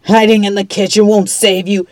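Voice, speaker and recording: A woman's voice: medium pitch, level tone, moderate pace, noisy background, lightly acted. A woman voicing a cocky, mean female bunny villain who taunts and swears in an audio role-play. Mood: taunting. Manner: taunting, mocking, swears a lot.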